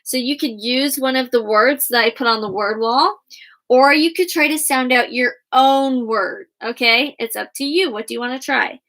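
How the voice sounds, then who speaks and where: A woman teaching young children a guided reading and writing lesson in a slow, sing-song teacher voice, spelling words out letter by letter. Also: high voice, fairly bright tone. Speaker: kindergarten teacher.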